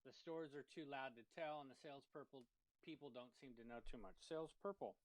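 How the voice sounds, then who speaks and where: A man's voice: mid-range voice, fairly quick, no echo. Easygoing man co-hosting over a call. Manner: easygoing, joking. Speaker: co-host. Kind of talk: casual livestream chat.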